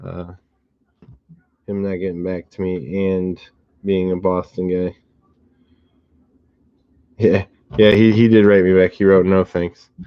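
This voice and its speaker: A man with a very low voice talks casually while opening card packs, breaking off and restarting his sentences in a relaxed way. The sound is dry and close, with no room around it. The audio is slightly dull and lo-fi. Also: no echo. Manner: halting, self-correcting, laid-back.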